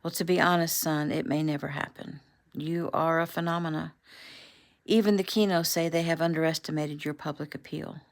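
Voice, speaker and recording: A woman reading as a gently reassuring father. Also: low voice, steady tone, moderate pace. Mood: matter-of-fact. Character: calm, caring middle-aged father consoling his son.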